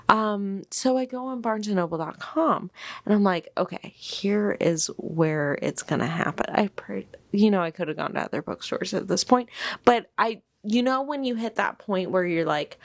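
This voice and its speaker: A woman's voice: mid-range voice, normal speed, no echo. A young woman vlogging at home, telling a chatty story about getting a book and acting out the people in it. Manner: animated, acts out quotes, gushing. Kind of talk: casual chatty storytelling vlog. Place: home, indoors. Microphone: clip-on mic on her shirt.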